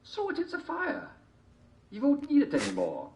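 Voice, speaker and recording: A man voicing a sly, hungry wolf in a bedtime story, in a high, wheedling put-on voice. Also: huge pitch swings, moderate pace, a little mellow, dull audio, a little hiss or hum, exaggerated voice.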